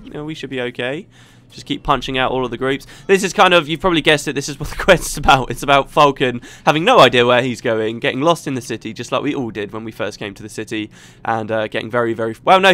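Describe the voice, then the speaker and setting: Guy chatting through a let's play, rambling and relaxed. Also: mid-range voice. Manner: chatty and rambling, with frequent restarts. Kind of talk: casual gameplay commentary.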